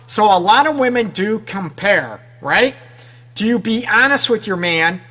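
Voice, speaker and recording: A man with a high, expressive voice and a sharp tone talks a little slowly as a relationship counselor hosting a radio advice show. He speaks directly and conversationally to women listeners, firing off rhetorical questions and tagging lines with "right?"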